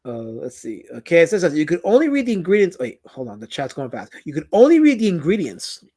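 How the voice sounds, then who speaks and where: A man's voice: a little high, huge pitch swings, quick pace, a little mellow, slightly rough. A man streaming live as a comic creator, reading out chat comments in a rambling way that is full of stuttered repeats.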